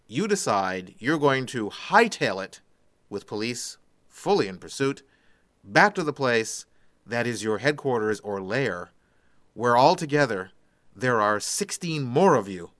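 A man's voice: medium pitch, fairly bright tone, no echo. A man hosting a radio show, reading strange news stories and adding sarcastic asides in a studio. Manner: sarcastic asides after each story. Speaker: radio host. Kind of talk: reading odd news with commentary.

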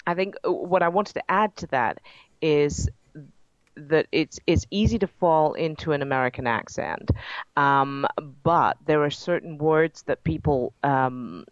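A woman's voice: low voice, a little slow, no echo. Woman, received pronunciation English accent, hesitant interview guest, muffled dry line. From England. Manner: hesitant, many ums and restarts. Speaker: actress and guest.

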